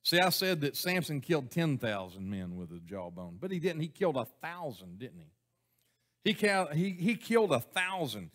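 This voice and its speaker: In a church sanctuary, a pastor with a fairly high, sing-song voice preaches to his congregation at a moderate pace. His tone is a bit bright, and he keeps things folksy, chuckling and often putting questions to the people.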